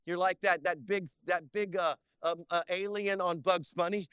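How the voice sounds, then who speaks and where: A male pastor delivers a lively sermon, his voice pitched high and bright. He mixes playful asides with slow, drawn-out emphasis on key points. The sound is dry and close, with little room echo. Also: clear, resonant tone. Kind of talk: energetic sermon. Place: church sanctuary.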